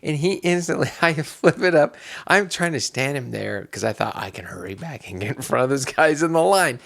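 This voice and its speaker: A man's voice: on the high side, moderate pace, creaky. A man co-hosting a podcast in casual chat, telling a rambling story with many restarts and bursts of laughter. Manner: animated when acting out scenes. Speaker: podcast co-host.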